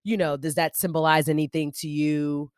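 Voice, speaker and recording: A woman's voice: deep voice, flat delivery, moderate pace, no echo, studio quality. A woman hosting a casual interview, asking friendly, curious questions and laughing along. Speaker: podcast host.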